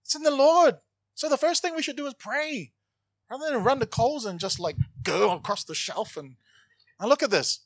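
A man preaching a sermon, animated and joking, swinging from loud to hushed. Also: high voice, normal speed, no echo. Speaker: pastor.

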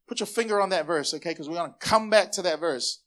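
A man preaching a sermon as pastor, energetic and calling on the congregation to repeat phrases after him. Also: high-pitched, fast talker.

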